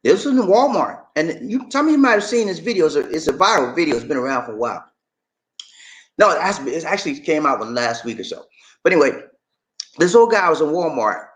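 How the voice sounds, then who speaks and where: A man's voice: a little high, sing-song, brisk, poor audio. A man hosting a casual livestream, chatting to his viewers and calling them y'all. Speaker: livestream host.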